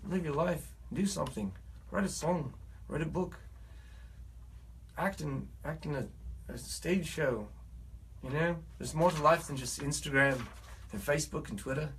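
A man's voice: a little high, unhurried, gravelly, fairly bright tone, a little hiss or hum. A man with a put-on British accent, a musician talking in a rambling, earnest and preachy vlog monologue.

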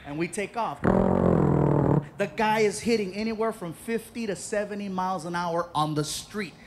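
A male stand-up comedian telling an animated, exaggerated story that shifts into character voices. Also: high-pitched, moderate pace, noisy background.

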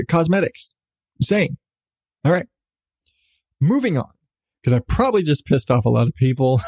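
A man's voice: fairly high pitch, a little mellow, no echo. A man hosting his own podcast, ranting casually with plenty of swearing and sarcastic asides, laughing at himself. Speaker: podcast host. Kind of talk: casual solo podcast rant.

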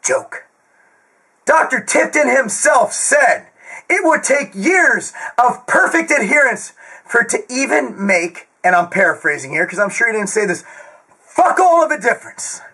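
Loud, screaming, profane fitness ranter. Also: male voice, very high voice, big pitch swings, moderate pace, husky, poor audio. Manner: jokey, crude asides. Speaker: host of a fitness Q&A channel. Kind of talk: ranting direct-to-camera monologue.

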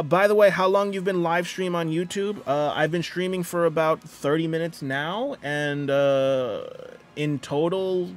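A man streaming a video game live, chatting casually and reading out viewer messages. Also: on the high side. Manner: chatty, greets viewers and reads chat aloud.

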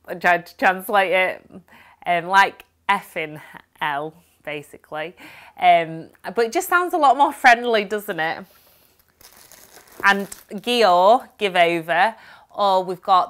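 Upbeat young Yorkshire woman vlogger, lowish voice, casual unboxing chat. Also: expressive, a little slow, a bit bright. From Yorkshire, England. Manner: chatty and upbeat, broad dialect phrases. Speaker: lifestyle vlogger.

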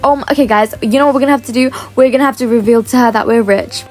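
A bubbly young woman with a bright, high voice chats excitedly to her viewers while she plays, gasping and gushing between lines. Faint music sits under her casual commentary. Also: racing. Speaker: gaming YouTuber.

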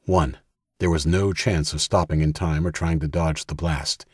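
A male audiobook narrator with a deep, husky voice reads a tense thriller in a steady, measured way. The recording is close and dry, with no room sound at all. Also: no echo. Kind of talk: scripted narration.

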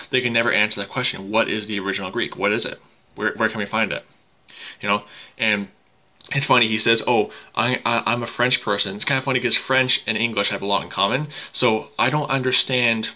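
A male host comments dismissively on a clip, arguing his point with frequent restarts. His voice is on the low side but cuts through with a very sharp, bright tone. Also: rough recording. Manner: dismissive, argumentative, repeats words. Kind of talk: critical commentary vlog.

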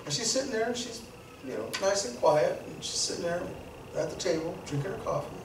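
In a church, a high-voiced man with lively intonation preaches an informal storytelling sermon a little fast, talking conversationally and repeating words as he builds to emphatic peaks. The sound is roomy and distant, with a noisy background.

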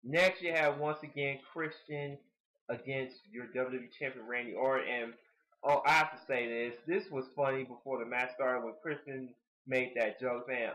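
A man giving a casual video review of a wrestling show, talking like an excitable fan with plenty of fillers and the odd swear word. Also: mid-range voice, moderate pace, muffled recording.

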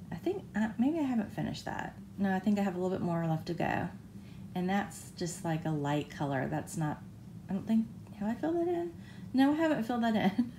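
On a beachside condo balcony, a woman with a fairly low, dark-toned voice chats casually about her cross-stitch, rambling with fillers and correcting herself. It's a relaxed show-and-tell, with a little hiss or hum in the audio.

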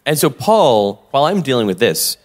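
A man co-hosting a live podcast, telling a story in a lively, animated way. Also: medium pitch, moderate pace. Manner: animated, acts out both sides of quoted exchanges. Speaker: podcast co-host. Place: convention stage with long reverb. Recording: live hall reverb.

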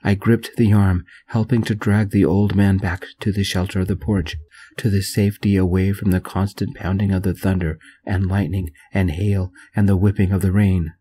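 A man telling a story in a gentle, soft-spoken reading voice. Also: deep voice, level tone, normal speed, breathy edge.

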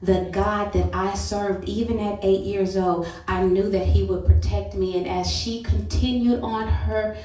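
A woman's voice: medium pitch, fairly even intonation, unhurried, hardly any pauses, warm tone, soft background music. A woman preaching a sermon and telling her own story in an earnest, personal way. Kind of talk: sermon testimony. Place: church sanctuary. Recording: roomy church sound from a distance.

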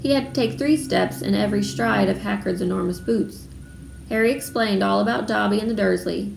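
A woman reading a children's novel aloud in a steady storytelling manner. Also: medium pitch, fairly quick, vocal fry. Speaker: readalong reader. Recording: roomy room, faint background noise.

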